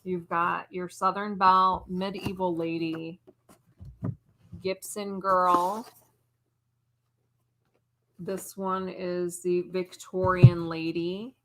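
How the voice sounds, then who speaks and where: Casting: woman, stream co-host, slow and deliberate, bright tone, faint noise behind. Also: on the low side, flat delivery. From United States. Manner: unhurried, describing items one by one. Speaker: co-host showing items on a live stream. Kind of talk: live-stream item showcase.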